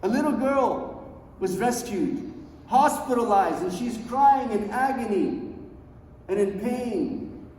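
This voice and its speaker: High-voiced preacher in an echoing hall. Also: male voice. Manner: swings from hushed low lines to loud high emphatic ones; recites Arabic verses quickly in a chanting tone. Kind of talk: sermon. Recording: echoey hall, voice far from mic.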